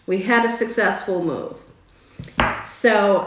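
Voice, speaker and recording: A woman's voice: fairly high pitch, takes it slowly. Lady vlogging, chatty storytelling, faith talk, echoey room. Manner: chatty, faith-filled, animated retelling. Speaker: cooking channel host. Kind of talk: casual vlog storytelling. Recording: roomy echo.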